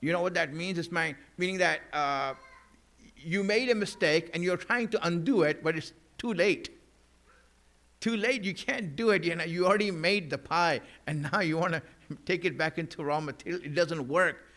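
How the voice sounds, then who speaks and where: A man's voice: a little high, a bit bright. Man preaching a conversational sermon. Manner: conversational, frequent "you know" fillers; emphatic repetition of key lines.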